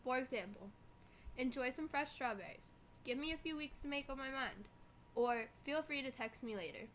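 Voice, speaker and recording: A young woman reading a school presentation from notes, slowing down on the examples. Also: high voice, fairly bright tone, a little hiss or hum. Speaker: student presenter.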